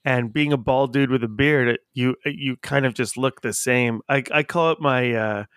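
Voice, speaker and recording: A man hosts a casual podcast chat in a playful, easygoing way. His voice is smooth and resonant, and the sound is dry and close with little room echo. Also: medium pitch, moderate pace, a bit bright. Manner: chatty, laughs easily, playful. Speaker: podcast host.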